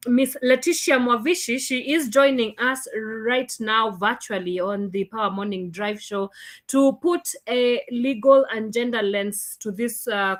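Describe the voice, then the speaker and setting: Lady hosting a morning radio show live, kinda halting, lots of uhs and ums. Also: mid-range voice, fairly bright tone. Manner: loose, halting, with many fillers. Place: radio studio.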